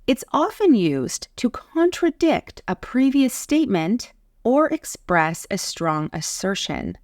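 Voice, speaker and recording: A woman's voice: mid-range voice, no room sound, clean studio sound. A woman teaching an English grammar lesson, speaking carefully and stressing the words in her examples.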